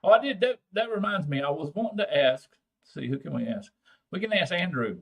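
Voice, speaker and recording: A man's voice: a little high, expressive, fairly quick, creaky. An older man with a Texan accent, hosting a casual, folksy chat with viewers in a drawling, salty way. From Texas. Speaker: livestream host.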